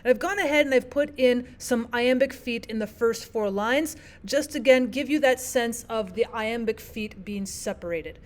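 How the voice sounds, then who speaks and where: A woman teaching in a clear, measured way. Her voice sits a little on the high side. She reads example lines of verse slowly and deliberately. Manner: clear, measured teaching delivery, slows to read verse aloud. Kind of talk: explaining poetry lesson over slides.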